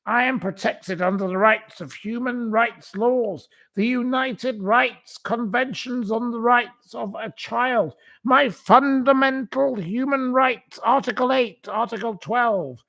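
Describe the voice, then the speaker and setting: A man putting on a shrill, melodramatic voice to mock a self-pitying, indignant woman demanding justice. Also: slow, creaky, hardly any pauses, pushed and bright, heavily acted. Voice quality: mocking high put-on voice.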